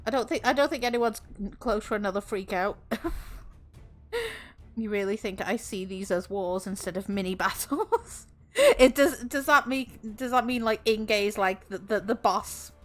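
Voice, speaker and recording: A woman's voice: medium pitch, moderate pace, fairly bright tone, faint music behind. A young woman streaming as a VTuber, chatting casually and teasingly with viewers and laughing often.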